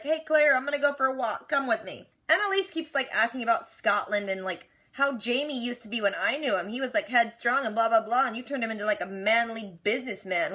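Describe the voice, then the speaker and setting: A young woman casually recapping a TV episode, acting out the characters in quick quoted asides. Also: mid-range voice, a bit bright. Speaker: reaction video host.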